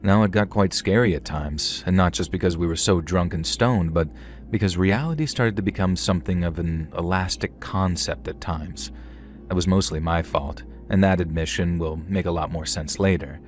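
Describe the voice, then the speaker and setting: Male narrator, middle-aged, very low voice, measured, dry humour, first-person horror tale. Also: faint music behind. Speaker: storyteller.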